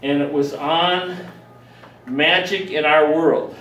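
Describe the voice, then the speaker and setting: An older man telling a personal story in a rambling, animated way, acting out the voices of people he quotes. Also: a little high, takes it slowly, a little hiss or hum. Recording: roomy, distant mic.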